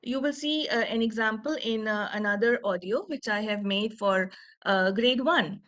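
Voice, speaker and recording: Hesitant Indian English teacher. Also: female voice, on the high side, normal speed, a bit bright. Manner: hesitant, many fillers. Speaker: teacher presenting at a workshop. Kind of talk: explaining teaching methods to other teachers.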